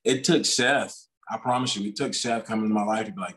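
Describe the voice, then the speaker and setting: Rambling young man, low voice. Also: fairly quick, fairly bright tone, rough recording. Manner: rambling, many restarts and fillers; self-aware talker. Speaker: podcast guest, pro football player. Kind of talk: casual interview chat.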